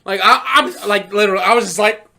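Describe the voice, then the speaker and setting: Brief: high, bright-voiced man, animated and profane, a fan gushing on a podcast. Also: quick pace. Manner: excitable, profane, acts out his own shouting reactions. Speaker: podcast co-host. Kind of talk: casual podcast chat.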